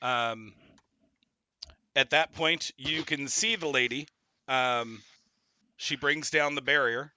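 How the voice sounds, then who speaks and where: A man narrating as game master of a tabletop game, relaxed and full of fillers. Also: mid-range voice, takes it slowly, long pauses, dry recording.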